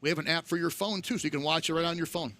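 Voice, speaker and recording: A man's voice: fairly high pitch, racing. A middle-aged man from Central New York, telling rambling stories in a casual chat and acting out the quotes. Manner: animated, rambling storyteller who acts out quotes. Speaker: guest.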